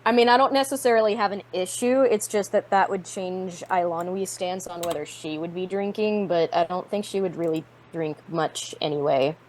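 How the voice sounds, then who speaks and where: A woman tabletop game player chatting casually about her character, excitable and rambling with fillers. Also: on the low side, normal speed, hardly any pauses, a crowd in the background.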